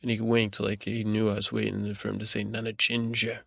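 Male storyteller, low gravelly voice, dry close sound, meandering bedtime tale full of restarts. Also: completely flat delivery, dry recording. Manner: meandering and digressive, with many halting restarts. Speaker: podcast host and storyteller.

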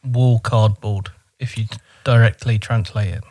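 A man's voice: on the low side, steady tone, normal speed, a little mellow, no echo, studio quality. A man co-hosting a comedic podcast, curious and bemused as he asks about words. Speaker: podcast co-host. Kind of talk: playful comedic chat.

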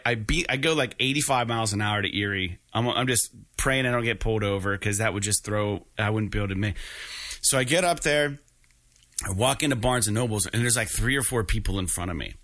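Bright-voiced man telling a story excitedly. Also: medium pitch, fairly quick. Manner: excited, swears freely, restarts often. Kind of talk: casual storytelling to camera.

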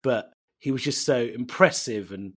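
A man from East London, a native Bengali speaker, telling animated, self-mocking stories as a guest in a casual interview. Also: medium pitch, moderate pace. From East London, England. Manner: animated storytelling, laughs often, self-mocking.

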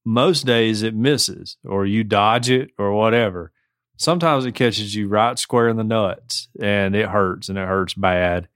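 Southern man, podcast co-host, low and dry, joking and folksy. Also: unhurried, a bit bright, smooth, dry recording. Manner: joking, folksy advice-giving. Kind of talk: casual chat.

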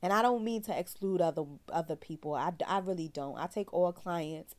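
A woman therapist telling a personal story candidly in a loose, slangy, animated way. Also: fairly low pitch, moderate pace. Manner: animated, slangy, acts out quoted voices.

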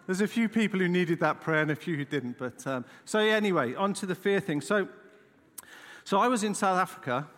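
A man's voice: sits high, animated, brisk, a bit bright. A middle-aged male pastor telling a story in a sermon, chatty and self-deprecating. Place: church. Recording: long reverb of a church hall.

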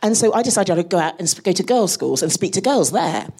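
Husky, quick-talking woman. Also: on the low side, expressive, warm tone. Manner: chatty, laughs between phrases. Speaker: space scientist, guest. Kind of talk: live podcast panel chat.

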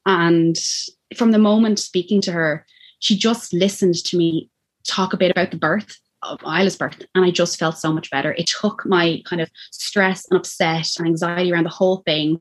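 An Irish woman in her thirties telling a personal story as a podcast guest, animated and acting out what people said. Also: fairly low pitch, breathy edge. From Ireland. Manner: animated, acts out quoted speech, quick laughs. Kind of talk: personal birth story, casual chat.

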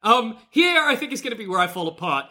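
A man co-hosting a comedy podcast, animated and laughing often as he jumps into bits. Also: very high-pitched, fast talker. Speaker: podcast co-host. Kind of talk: casual comedic chat.

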